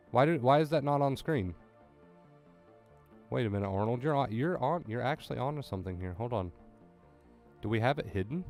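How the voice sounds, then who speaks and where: A man chatting casually on a livestream, excitable and talking to his chat, often repeating himself when flustered. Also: medium pitch. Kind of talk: casual live-stream chat.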